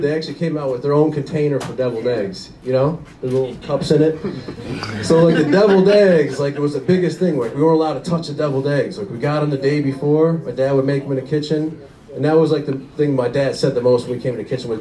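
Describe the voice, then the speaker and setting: Young guy doing stand-up, kinda high voice, laughs at his own bits, roomy echo from a far mic. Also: mellow. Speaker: stand-up comedian. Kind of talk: stand-up comedy set.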